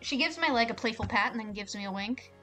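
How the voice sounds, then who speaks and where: A woman's voice: fairly high pitch, lively intonation, sharp tone, soft background music. A woman streamer chatting casually and jokingly while reading a visual novel aloud. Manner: rambling, joking, fast with fillers.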